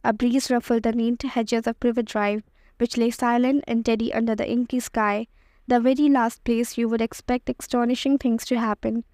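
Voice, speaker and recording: Woman reading an audiobook, flat and dry. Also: a little high, moderate pace, dry recording. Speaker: audiobook reader. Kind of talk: audiobook narration.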